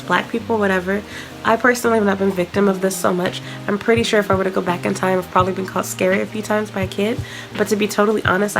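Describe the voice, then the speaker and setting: Young adult woman vlogger, exasperated and blunt, gravelly fry in her voice. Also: medium pitch, rough recording. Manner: frank, exasperated ranting. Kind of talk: ranting vlog to camera.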